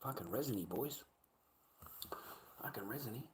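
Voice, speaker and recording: A man's voice: mid-range voice, expressive, normal speed, a little hiss or hum, rough recording. An Australian man in a mid-range voice rambles through a casual livestream chat. He swears constantly, repeats himself and lets his words trail off into mumbling.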